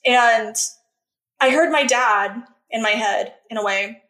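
An earnest woman with a somewhat high voice tells her personal story as a podcast guest. She talks candidly and emphatically, and her voice climbs when she relives being angry. The recording carries a noticeable roomy echo. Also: takes it slowly, fairly bright tone.

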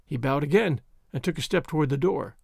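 A man narrating a classic story in a measured, expressive storytelling manner. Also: a little high, vocal fry, breathy edge, no echo, studio quality. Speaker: audiobook narrator.

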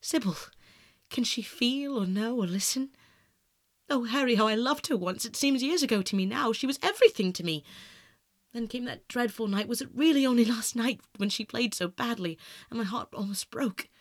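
A man's voice: extremely high pitch, lively intonation, normal speed, no room sound. Guy reading as a young rich guy, impulsive, earnest, kinda self-absorbed, dry sound. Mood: musing. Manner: earnest, pleading outbursts. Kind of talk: audiobook narration.

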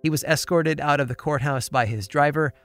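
A man hosting a podcast, narrating a strange historical tale in a measured storytelling voice with dramatic pauses. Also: on the high side, a bit bright, soft background music. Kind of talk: scripted narration.

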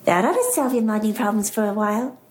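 An actress playing a bubbly, uncanny woman, breathy and eager, in a film. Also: medium pitch, lively intonation, fast talker, natural voice.

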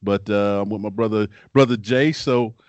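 A man co-hosting a podcast in casual chat, telling animated stories and laughing often. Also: fairly low pitch, moderate pace, no echo. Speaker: podcast co-host, former football player. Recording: dry, dull lo-fi sound.

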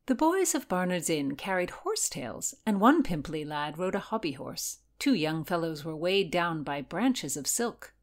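A woman narrating a historical novel in an expressive, lively storytelling manner. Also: lowish voice, measured pace, few pauses. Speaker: audiobook narrator. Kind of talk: scripted narration.

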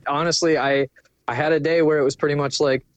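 A man's voice: fairly high pitch, flat delivery, fast, no echo. A young man telling a personal story candidly, casual and profane, with lots of fillers. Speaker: guest.

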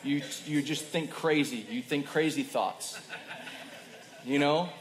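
A man preaching a sermon in a church hall, his fairly high voice carrying around a roomy, echoing space. He talks conversationally and shifts between loud emphatic stretches and soft, quiet ones, with faint ambience behind him. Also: slow pace, slight background noise. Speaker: pastor.

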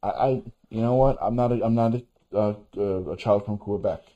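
A man co-hosting a casual film review chat, talking in halting bursts with many restarts. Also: on the low side, highs cut off. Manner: halting, many restarts and fillers, laughs as he talks. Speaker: podcast co-host.

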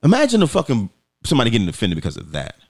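A man's voice: mid-range voice, wildly swooping pitch, racing, darkish tone. A man co-hosting a podcast, telling stories in a casual, profane way and acting out quoted voices. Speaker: podcast co-host.

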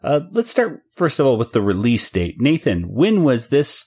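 A man's voice: mid-range voice, wildly swooping pitch, normal speed, darkish tone, slightly rough. A man hosting a cartoon podcast, chatting casually, laughing often and rambling with fillers. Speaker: podcast host.

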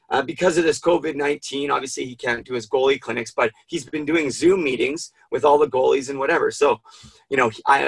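Gravelly, emotional man. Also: mid-range voice, a bit bright, no echo, rough recording. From Canada. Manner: emotional, rambling, swears freely. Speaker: podcast host. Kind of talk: casual interview chat.

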